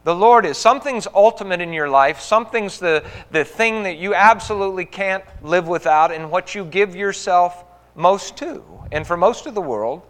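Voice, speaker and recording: A man's voice: high voice, moderate pace, fairly bright tone. Preaching man in a reverberant hall. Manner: earnest preaching, rising emphasis on quoted scripture. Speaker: pastor. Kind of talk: sermon.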